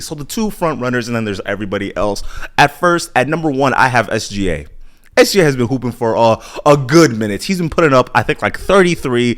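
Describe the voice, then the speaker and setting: A young American man hosting his own podcast, talking casually and animatedly, repeating himself and tossing in playful asides. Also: mid-range voice. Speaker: podcast host. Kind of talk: casual solo commentary.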